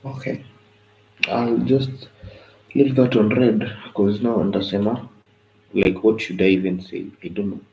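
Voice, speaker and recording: A man's voice: fairly low pitch, little pitch movement, unhurried, gravelly, long pauses, a little mellow, poor audio. A young man with a tired voice, casually talking through forex charts on a live stream. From Kenya. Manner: loose, chatty, mixes in Swahili phrases. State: tired, voice going. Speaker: forex trading analyst.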